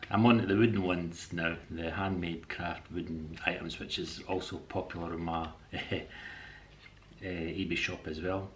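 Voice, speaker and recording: A man's voice: sits low, a bit bright, a little hiss or hum. A man chatting casually in a vlog, friendly and rambling, showing items from a shopping haul at home. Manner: rambling and friendly, with hesitations and chuckles. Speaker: artist and eBay seller showing a shopping haul. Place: indoors at home.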